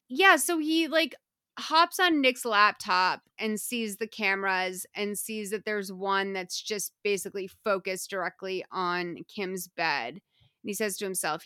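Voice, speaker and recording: A woman podcast host casually recapping a film, retelling scenes in an animated way and acting out the characters' lines, with lots of "like" fillers. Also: mid-range voice, clean tone, no room sound, clean studio sound.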